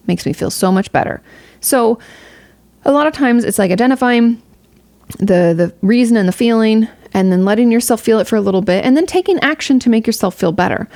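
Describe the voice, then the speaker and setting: A woman's voice: medium pitch, vocal fry, darkish tone, no echo. A young woman streamer giving casual, candid advice to a viewer, rambling with fillers and swearing freely. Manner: rambling with many fillers and restarts. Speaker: streamer answering a viewer question.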